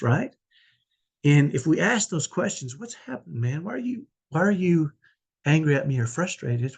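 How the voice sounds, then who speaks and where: A man's voice: fairly high pitch, breathy edge. A man talking about his life as a parent, telling a personal story in a conversational way and often tagging his sentences with "right?". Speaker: parent vlogger.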